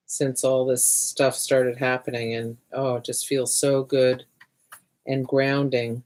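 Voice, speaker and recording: A woman with a very deep voice hosts a livestreamed art party, chatting casually while she draws. She often restarts her sentences and mutters to herself as she works.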